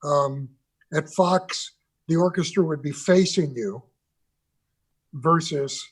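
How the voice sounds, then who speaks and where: A man's voice: a little high, slow pace, husky. An older man, a guest on a video call interview, reminiscing about recording sessions with loose restarts. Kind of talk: conversational interview.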